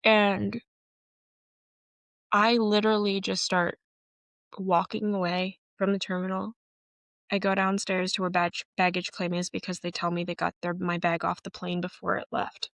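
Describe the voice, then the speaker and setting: A woman's voice: medium pitch, little pitch movement, normal speed, fairly bright tone, no echo. A woman hosting a podcast, telling a personal story in an earnest, emotional and candid way. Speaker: podcast host.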